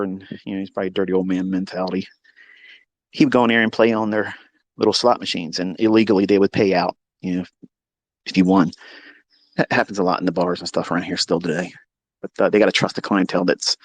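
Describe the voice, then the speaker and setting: A man hosting a live audio chat, telling a long story in a profane, mocking, animated way. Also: low voice, fast talker, dry recording. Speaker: Twitter Space host. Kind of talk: casual storytelling rant. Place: lives in Maryland.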